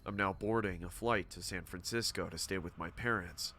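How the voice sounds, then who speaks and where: A man narrating a horror story in a steady, dramatic scripted telling. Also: sits low, normal speed, slight background noise.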